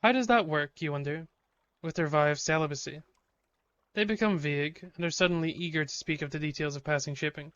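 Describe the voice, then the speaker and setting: Bright, clear-voiced man streaming a game. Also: on the high side, brisk, muffled recording. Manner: reads game text aloud, swears when startled. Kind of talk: live game commentary.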